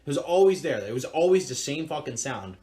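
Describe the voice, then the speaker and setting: A man's voice: on the high side, sing-song, a little fast, warm tone. A young man co-hosting a podcast, riffing in laid-back, profane casual chat. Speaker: podcast co-host.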